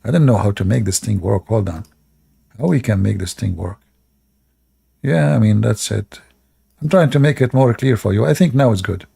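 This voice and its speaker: A man hosting a livestream, retelling a story mockingly in halting, non-native English with frequent laughs. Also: fairly low pitch, expressive, vocal fry, warm tone, husky. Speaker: livestream host.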